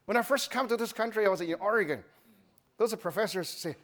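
A man's voice: sits high, brisk, fairly bright tone. A middle-aged man from China with a Chinese accent, giving a testimony sermon in broken English with many restarts. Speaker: church speaker.

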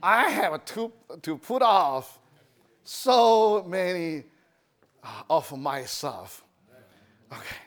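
A man's voice: high voice, expressive, very slow, pauses often, fairly bright tone. A middle-aged man from China with a Chinese accent, giving a testimony sermon in broken English with many restarts. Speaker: church speaker.

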